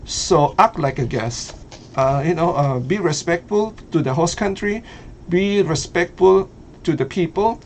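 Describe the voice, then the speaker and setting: A middle-aged man with a Filipino accent talks in a loose, halting way, filling pauses with "uh" and "you know" and breaking into easy laughs. His voice sits a little high for a man. A faint hum of room noise runs behind him. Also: animated, darkish tone. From Philippines. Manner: hesitant, many fillers, laughs easily. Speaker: vlogger. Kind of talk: casual commentary.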